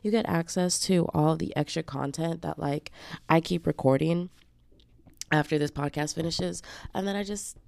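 This podcast host talks at a normal speed in a low, creaky voice with a darkish tone, recorded dry. She's got the flu but keeps the solo chat casual, swearing, using slang and addressing listeners as babes.

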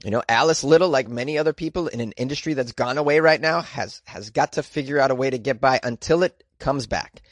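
A male comedian reads odd news stories and keeps breaking off to mock the wording. His voice sits at a middling pitch, and the recording is dry and close with no room sound. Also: a little fast, hardly any pauses, no room sound. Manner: wry, sarcastic asides. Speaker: comedian podcast host.

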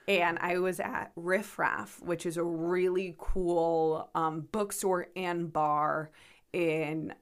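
A young adult woman, a guest on a podcast, telling a story in a lively way, laughing often and acting out what people said. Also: on the low side, takes it slowly, clear, resonant tone. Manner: lively, laughs often, acts out the lines of the people in her stories. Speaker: podcast guest, psychic medium. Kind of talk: casual storytelling in an interview.

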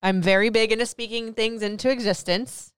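A woman's voice: on the high side, fairly quick, clean tone, no echo, clean studio sound. A woman in her thirties hosting a show, chatting candidly and laughing as she tells personal stories to her partner. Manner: candid, laughing, lively storytelling. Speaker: podcast host. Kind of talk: casual personal chat.

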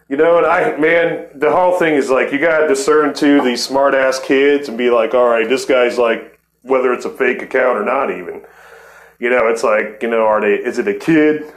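A man's voice: mid-range voice, steady tone, moderate pace, echoey room. A man in his forties hosting a podcast, talking in a heated, profane casual chat and laughing often. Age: 40s. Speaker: podcast host.

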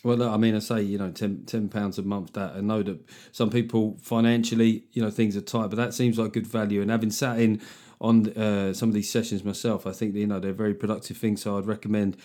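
A man's voice: lowish voice, flat delivery, a little fast, mellow. A middle-aged man hosting a podcast, chatting casually and making puns. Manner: jokey, punning, conversational. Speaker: podcast host. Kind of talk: casual comedic chat.

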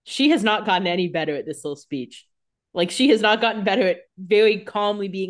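A woman's voice: mid-range voice, brisk. A woman co-hosting a podcast, chatting animatedly about an episode and acting out characters. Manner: animated, acts out characters with laughter. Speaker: podcast co-host. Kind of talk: casual episode recap.

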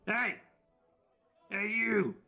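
A man voicing a pushy, hard-of-hearing old male gun merchant who shouts to be heard. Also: mid-range voice, animated, slow pace, slightly rough, faint music behind, heavily acted.

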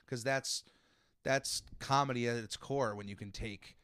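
A man's voice: medium pitch, steady tone, a little slow, fairly bright tone. A young man hosting a podcast, chatting casually with lots of fillers and restarts. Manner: rambling, many fillers and restarts. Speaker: podcast host. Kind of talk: casual chat.

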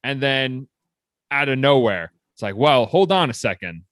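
Brief: excitable male sports co-host, lively and slightly high voice, dry sound. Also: no room sound. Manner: animated, excitable, rapid swings in pitch. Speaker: podcast co-host. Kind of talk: casual sports chat.

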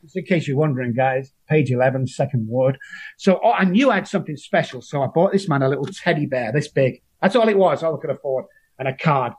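A man tells his personal story as an interview guest. His voice sits at a middle pitch and has a husky, breathy grain. He speaks earnestly, with emotion running under the words. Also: expressive, brisk.

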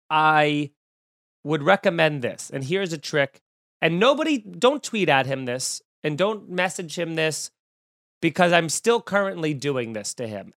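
Male podcast host, comedic and animated, dry close mic. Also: high-pitched, no room sound. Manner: animated, jokey storytelling with sudden loud outbursts. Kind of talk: casual comedic podcast chat.

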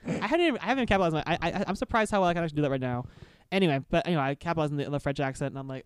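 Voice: medium pitch, rapid-fire, clean tone. A young adult co-hosting a podcast, telling rambling stories in a casual chat and often stammering and repeating words. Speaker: podcast co-host.

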